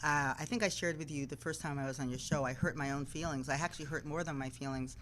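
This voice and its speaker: A woman who anchors TV news is a guest in a casual interview, speaking fast in a low-pitched voice. The recording is rough with a little hiss or hum. She tells stories animatedly, acting out the voices of the people she quotes.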